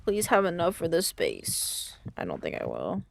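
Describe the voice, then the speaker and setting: A young woman streamer chatting casually while gaming, rambling playfully and thinking out loud. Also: fairly low pitch, huge pitch swings, moderate pace, gravelly, slight background noise.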